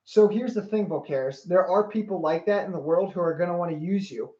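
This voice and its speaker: Brief: earnest male life coach, mellow tone with a fairly high pitch, livestreaming from a roomy space with slightly dull audio. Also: fairly quick. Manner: earnest, repeats phrases, greets viewers by name. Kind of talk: motivational livestream talk.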